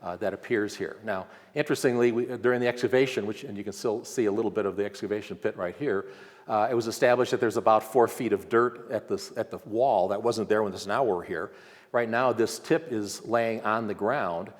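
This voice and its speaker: A man's voice: fairly low pitch, fairly quick. A man giving a conversational slide lecture at a symposium, pointing things out on screen with frequent fillers. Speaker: archaeology lecturer. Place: lecture hall. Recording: long hall reverb.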